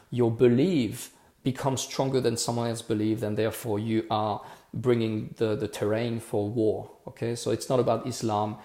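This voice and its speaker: Earnest man, gravelly roomy livestream. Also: mid-range voice, a little mellow. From France. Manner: earnest, repetitive restarts, says "okay" and "bro" often. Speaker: activist hosting a live Q&A. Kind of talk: casual livestream talk answering viewer comments.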